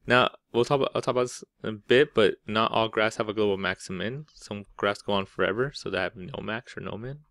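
Low-voiced casual math teacher, man. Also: fairly quick, few pauses, a bit bright, dry recording, clean studio sound. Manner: casual, explains step by step with lots of "right?". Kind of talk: classroom lecture.

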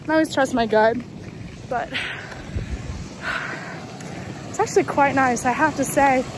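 Chatty high-voiced young woman. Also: slow pace. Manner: chatty, excitable, lots of fillers. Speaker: vlogger. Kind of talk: casual travel vlog. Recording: noisy phone video outdoors.

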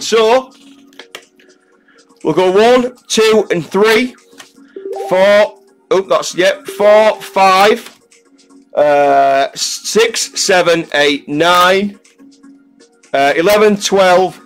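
Chatty man calling everyone mate. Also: high-pitched. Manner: chatty, calls everyone mate, swears casually. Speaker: live-stream card-pull host. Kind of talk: casual live-stream chat. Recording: faint music in the background.

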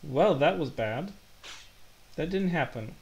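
A gaming livestreamer chats through his live gameplay, cracking jokes and mocking his own blunders. His voice is fairly high, expressive and creaky, a little mellow, and he speaks slowly. There's a faint hiss or hum in the audio.

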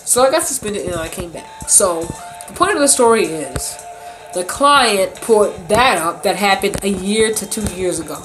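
A woman vlogger telling a work story in an animated, indignant way, with music playing behind her. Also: medium pitch, normal speed, rough recording. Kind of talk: casual storytime vlog.

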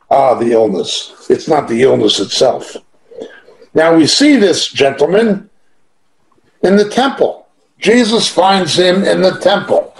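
A man's voice: a little high, low-quality recording. A man preaching a sermon in an emphatic, conversational way, mixing personal testimony with teaching.

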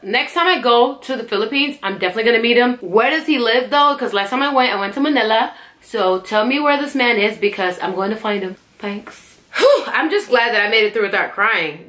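A young woman hosting a reaction video, chatting casually and getting emotional and excited as she talks. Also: medium pitch.

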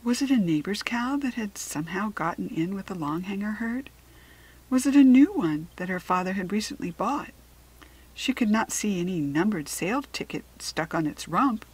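A woman narrating a storybook aloud in a gentle, measured read-aloud manner. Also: medium pitch, lively intonation, breathy edge, rough recording. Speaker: storybook reader.

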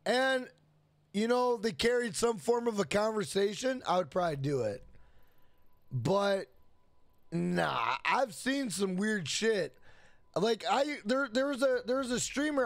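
A man's voice: high voice, no echo. A young man streaming a game, chatting loosely with profanity, repeating himself and reading chat questions aloud. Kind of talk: casual live stream chat.

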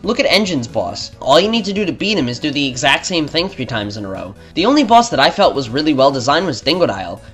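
A man's voice: on the high side, very animated, quick pace, hardly any pauses, fairly bright tone, soft background music. A man narrating a scripted game review in a blunt, opinionated, sarcastic manner.

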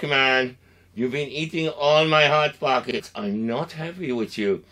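A man's voice: mid-range voice, a bit bright. A man performing a one-sided comedy skit, nervous and placating, stammering as he talks to someone unseen.

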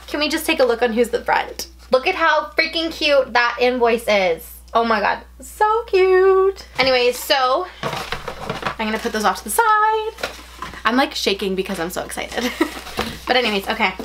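A young adult woman chatting at home as she unboxes a package, gushing and gasping with excitement as she rambles on. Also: a little high, moderate pace, background noise. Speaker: unboxing vlogger.

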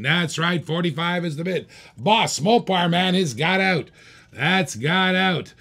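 A man runs a live online auction, calling out bids again and again and urging the bidders to raise. His voice sits a little high for a man and has a gravelly, fried edge. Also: animated, bright, forceful tone. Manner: rapid repetitive bid calling, hyping bidders. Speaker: auctioneer host.

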